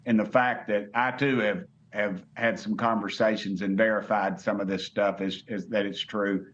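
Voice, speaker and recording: Folksy man, low voice, dull feed. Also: steady tone, moderate pace, fairly bright tone. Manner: folksy, blunt, repeats words. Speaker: congressman guest. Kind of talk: live TV interview.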